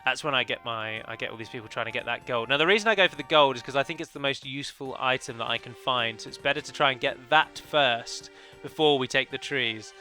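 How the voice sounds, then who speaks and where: A man's voice: mid-range voice, quick pace, hardly any pauses, sharp tone, soft background music. A man commentating on his own multiplayer strategy match, chatty and analytical, often correcting himself mid-sentence. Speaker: let's play commentator. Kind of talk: game commentary.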